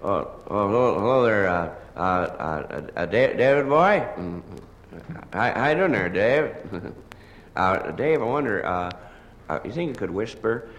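A man's voice: lowish voice, lively intonation, measured pace, fairly bright tone, muffled recording. Stammering hungover man, live hall. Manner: stammering, hesitant, full of uhs and restarts; sheepish and apologetic. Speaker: comedian. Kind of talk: one-sided comic phone monologue. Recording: live recording in a large echoing hall with ambient noise.

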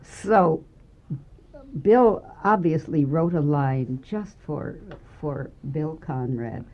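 A woman's voice: low voice, very slow, dull audio. An older woman chiming in with stories and laughing as an interview guest. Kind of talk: chatty anecdotes in an interview.

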